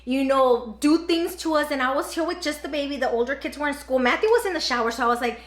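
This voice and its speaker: High-pitched woman, young mom vlogger, chatty storyteller, lots of fillers, echoey room. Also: quick pace, few pauses. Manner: chatty, filler-heavy, "like" throughout. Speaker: vlogger, mother. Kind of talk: casual storytelling to viewers. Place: at home. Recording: roomy echo.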